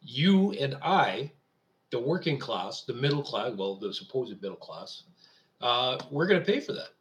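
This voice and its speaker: A man's voice: mid-range voice, big pitch swings, measured pace, a little hiss or hum. A man hosting his own show, from Canada, giving an indignant, sarcastic political rant. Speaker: radio show host. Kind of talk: political commentary monologue.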